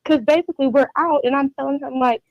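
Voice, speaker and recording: High-voiced young woman on a dull phone line. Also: steady tone, quick pace, over a noisy crowd. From Texas, US. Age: 20s. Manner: long rambling personal story, restarts often. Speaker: caller. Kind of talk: casual phone call-in chat.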